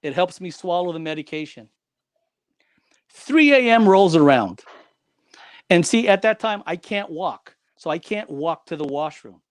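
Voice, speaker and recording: A man's voice: high-pitched, animated, measured pace, pauses often, no room sound, studio quality. A man who is a guest on the show, telling a personal story in an emphatic, dramatic way and repeating key lines.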